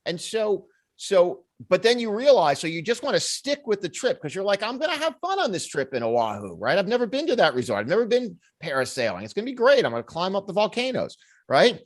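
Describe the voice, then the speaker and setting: A man co-hosting a podcast in casual chat, his pitch swinging widely as he spins out hypotheticals. He is an animated storyteller who laughs easily and slips into the voices of the people in his stories. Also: fairly quick. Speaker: podcast co-host.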